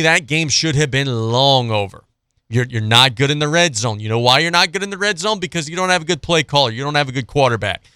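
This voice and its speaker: Guy hosting sports radio, ranting and sarcastic, bright clear voice. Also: on the high side, dry recording, clean studio sound. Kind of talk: opinionated sports talk monologue.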